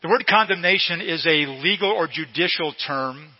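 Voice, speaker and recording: A middle-aged male pastor preaching a sermon slowly and emphatically, repeating key phrases. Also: a little high, animated, husky. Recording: long reverb in a hall, dull lo-fi sound.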